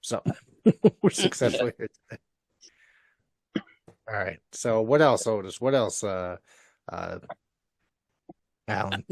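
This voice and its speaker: A man's voice: fairly low pitch, animated, slow, gravelly, pauses often, dry recording. A man hosting a casual podcast on a laptop video call, teasing his co-host and laughing easily.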